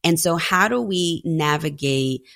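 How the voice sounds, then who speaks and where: A woman's voice: sits low, expressive, measured pace, creaky, fairly bright tone. A woman in her thirties telling candid stories about family life in a casual conversation, with many fillers. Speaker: podcast guest.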